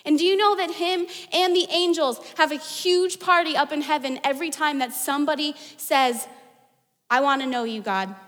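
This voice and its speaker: A woman's voice: sits high, moderate pace, a bit bright, in a large hall. A woman pastor from the United States preaching a sermon in a chatty, storytelling way. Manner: conversational, storytelling with fillers like "like".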